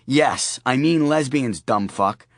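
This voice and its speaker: A man's voice: medium pitch, expressive, takes it slowly, dry recording, voice pushed up. A male narrator voicing a worried young father with wry, earnest humor, recorded dry and close.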